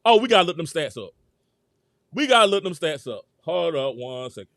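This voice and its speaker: A man hosting a sports talk show, excitable and repetitive, calling out to his viewers. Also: fairly high pitch, fairly quick, creaky, no room sound, studio quality. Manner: excitable, repeats himself, addresses viewers as "citizens". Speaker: sports commentary show host. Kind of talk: animated sports opinion talk.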